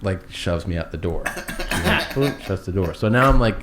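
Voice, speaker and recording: A man's voice: sits low, brisk, a loud crowd. A man telling a long, rambling, profane story in casual chat, acting out every quote.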